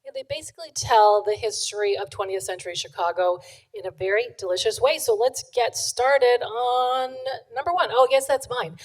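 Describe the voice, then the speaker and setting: A woman's voice: fairly high pitch, moderate pace, poor audio. Chatty woman presenting a book live. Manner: chatty and animated, acts out quotes. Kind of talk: live book talk to an audience. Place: event room with an audience.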